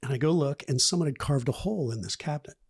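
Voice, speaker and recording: A man's voice: fairly high pitch, fast talker, breathy edge. A man in his fifties, a podcast guest, telling candid, rambling stories about his past and acting out the voices of the people in them. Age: 50s. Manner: rambling, animated retelling with acted quotes. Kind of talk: candid storytelling interview.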